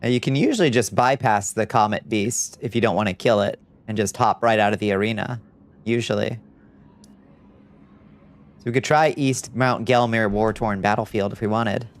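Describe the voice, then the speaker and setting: A man's voice: lowish voice, normal speed. A young man streaming a video game live, chatting casually, answering chat and laughing easily. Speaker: VTuber streamer. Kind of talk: live-stream gameplay commentary.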